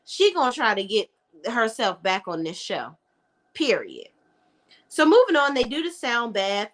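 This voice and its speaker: A woman's voice: fairly high pitch, a bit bright. A woman reviewing a reality show in a casual, blunt, opinionated chat.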